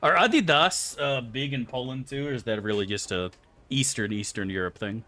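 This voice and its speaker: Lowish and brisk with a fairly bright tone, this man's voice comes from a game stream. He chats loosely and rambles with viewers, cursing freely and reading out his replies to chat in a casual live-stream style.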